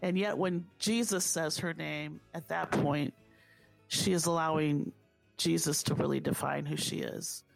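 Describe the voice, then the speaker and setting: A woman of Haitian background speaking earnestly and warmly about her faith in a conversation, repeating phrases for emphasis. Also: low-pitched, steady tone, unhurried, creaky, soft background music. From Haitian family.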